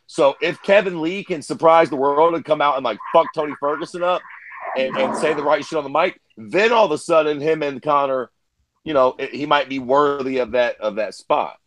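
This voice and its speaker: A man's voice: fairly high pitch, normal speed, fairly bright tone, slight background noise, low-quality recording. A man co-hosting a casual podcast, talking in a laid-back, profane way and chuckling between points. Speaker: podcast co-host. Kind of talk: casual chat.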